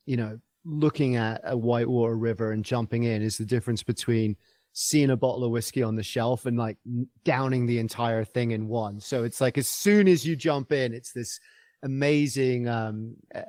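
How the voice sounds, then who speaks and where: A man's voice: mid-range voice, a little mellow, no echo. A man guest on a podcast interview, telling a travel story in an enthusiastic, rambling way with many fillers and restarts.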